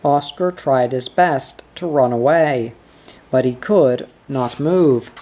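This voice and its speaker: Slow storybook reader, reads it out calm and careful. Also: medium pitch. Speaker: narrator. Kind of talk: storybook read-aloud.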